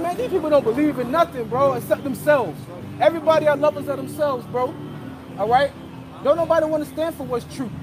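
Man, street preacher, very high voice, fiery, profane, outdoor street recording, crowd around. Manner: fiery, profane, tags lines with "man" and "bro". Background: crowd and passing traffic.

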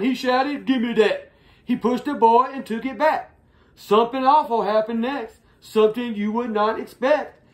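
A woman reading a rhyming picture book aloud in a sing-song way, stopping now and then to fix her slips. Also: on the high side. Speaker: storyteller.

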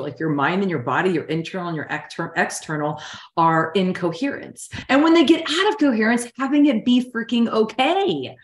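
A woman's voice: lowish voice, echoey room. A woman coach in her thirties telling a personal story in a casual, emotionally open way with lots of fillers. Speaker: hypnotherapy coach.

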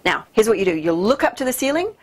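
A woman hosting and teaching in a direct-to-camera talk, explaining in a lively, playful way with emphatic rhetorical questions. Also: on the high side, fast talker. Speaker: host and teacher.

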